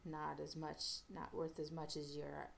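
A woman casually retelling an episode's plot as a podcast host, halting often with fillers and restarts. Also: deep voice, monotone, creaky, a little hiss or hum.

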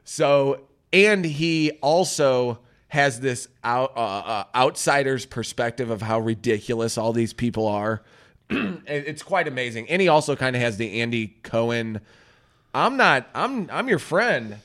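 A man's voice: medium pitch, a little slow, smooth. A man hosting a radio show, casually and profanely retelling a story and acting out the people in it. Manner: animated, profane, storytelling with acted-out quotes. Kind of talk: casual comedic chat.

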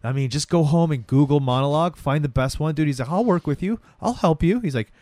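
A man's voice: on the high side, fast, no room sound. A young man in casual chat, recapping a TV episode and acting out the characters' lines as he goes. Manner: animated, acts out characters' lines while retelling. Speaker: podcast co-host.

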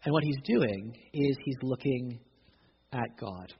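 A man's voice: medium pitch, slow pace, breathy edge. A man preaching a sermon, emphatic, often restarting his phrases. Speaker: pastor. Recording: dull recording, long hall reverb.

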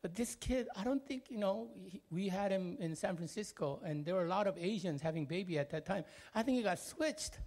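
A Korean man tells a personal family story in English, his voice high and expressive. He goes a little fast with hardly any pauses, swinging between loud and quiet and using plenty of fillers.

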